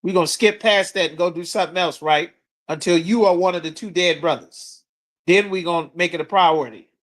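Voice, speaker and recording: A man teaching scripture to a class in a blunt, forceful preaching manner with coarse language. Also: high-pitched. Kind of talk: street-corner scripture teaching.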